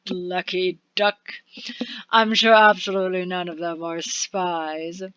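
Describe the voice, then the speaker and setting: A woman's voice: on the low side, level tone, normal speed, clear, resonant tone, dry recording, lightly acted. Woman voicing a theatrical court bard, sly and sinister under the gushing, odd accent, dry and dull. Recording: dull lo-fi recording.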